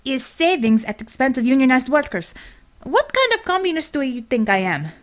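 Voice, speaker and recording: A woman's voice: sits high, big pitch swings, normal speed, voice pushed up. A woman voicing a zealous Russian woman commissar who speaks in clipped English without articles, with a Russian accent. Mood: indignant.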